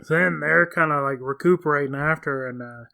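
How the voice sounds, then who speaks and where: A man's voice: a little high, fairly quick, creaky, bright, forceful tone. A man co-hosting a podcast, giving a casual, blunt retelling of movie scenes. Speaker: podcast co-host. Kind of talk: casual movie recap chat.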